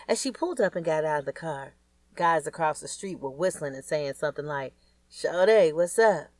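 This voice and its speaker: Lowish woman narrating an audiobook. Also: animated, a little fast, no echo. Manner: plain, conversational storytelling. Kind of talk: first-person audiobook narration.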